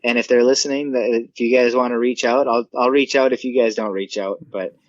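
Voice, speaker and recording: A man's voice: medium pitch, fairly even intonation, no room sound. Easygoing man on a dull, dry mic. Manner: easygoing, halting restarts. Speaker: podcast co-host. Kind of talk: casual chat.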